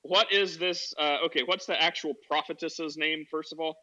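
A man in a casual group chat, excitable and joking. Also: a little high, normal speed. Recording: dull lo-fi remote audio.

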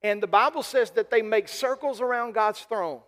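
A man's voice: high voice, moderate pace, a bit bright, long reverb tail. A man preaching a sermon as pastor, emphatic, repeating key lines and calling out to the congregation. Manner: emphatic preaching with repetitions and call-outs to the congregation.

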